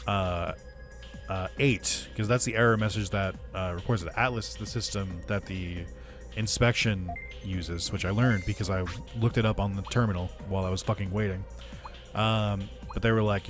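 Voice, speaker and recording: A man's voice: fairly low pitch, fairly quick. A man casually telling a long, sarcastic story while playing a video game, swearing often and laughing between lines. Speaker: gaming YouTuber. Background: game music.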